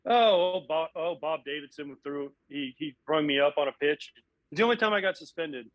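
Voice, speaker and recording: A man, a former baseball catcher and broadcast analyst, telling animated stories from his playing days in a casual interview, often acting out what people said. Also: on the high side, fairly quick, no room sound, poor audio. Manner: animated, acts out quotes.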